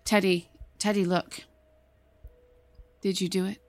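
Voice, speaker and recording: A woman's voice: medium pitch, little pitch movement, slow, no room sound. A woman voicing Belladonna, a cunning, insistent woman who presses for the truth. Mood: pressing. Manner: pressing, confrontational.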